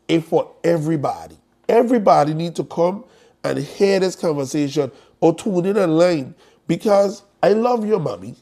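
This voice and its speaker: Blunt man, mellow voice. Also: on the high side, creaky. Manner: blunt, joking, preachy. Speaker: host promoting an estate planning conference. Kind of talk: live-stream monologue.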